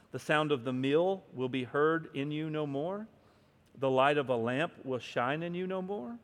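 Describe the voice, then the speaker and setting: A male preacher with a fairly high voice delivers an emphatic sermon and reads scripture aloud. He drops to hushed tones, then rises to loud declarations. His voice rings with a long reverb.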